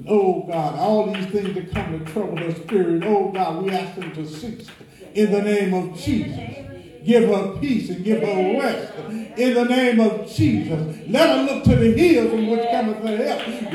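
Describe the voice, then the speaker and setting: A man with a very high voice leads a fervent prayer, slow and deliberate, repeating his thanks over and over and breaking into shouts of praise. His voice rings through a very echoey church sanctuary.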